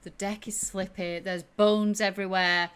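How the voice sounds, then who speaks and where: A woman's voice: medium pitch, little pitch movement, measured pace, a bit bright, slight background noise. A woman acting as game master, narrating a tabletop game in a playful way and laughing often.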